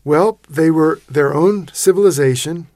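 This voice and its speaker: A man telling vivid stories as a guest in a radio interview, animated, with frequent restarts. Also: on the high side, a little slow, no room sound, studio quality. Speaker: interview guest, expedition writer.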